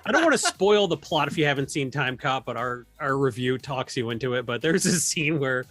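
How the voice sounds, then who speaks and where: A man co-hosting a casual movie review podcast, riffing sarcastic, deadpan jokes. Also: mid-range voice, a little fast, faint music behind. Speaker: podcast co-host.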